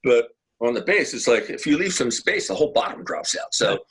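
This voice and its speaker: A man's voice: a little high, animated, fairly quick, a bit bright, a little hiss or hum, rough recording. An older man, a guest musician, telling long rambling anecdotes in a casual interview. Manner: rambling, anecdotal, many restarts. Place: home, video call.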